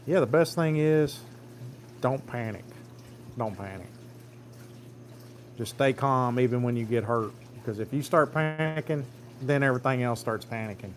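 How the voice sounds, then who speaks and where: A man's voice: mid-range voice, moderate pace, a little hiss or hum. A man, telling a rambling, plain-spoken farm story on a phone livestream. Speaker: farm vlogger. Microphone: phone camera.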